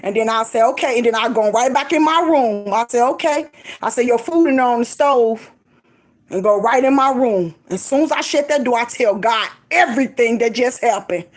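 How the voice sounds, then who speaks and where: A middle-aged woman vlogging, giving lively, emphatic encouragement in a casual preachy way, laughing often. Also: a little high, a little fast, hardly any pauses. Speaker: faith vlogger.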